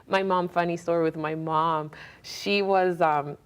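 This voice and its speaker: Lively young woman guest. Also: on the low side, measured pace, smooth. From Democratic Republic of Congo. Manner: animated storyteller, acts out family dialogue. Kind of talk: casual interview chat.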